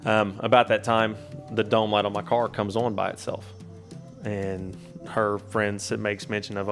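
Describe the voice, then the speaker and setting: A man telling a ghost story in a steady, matter-of-fact way. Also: on the low side, unhurried, soft background music. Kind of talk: casual storytelling.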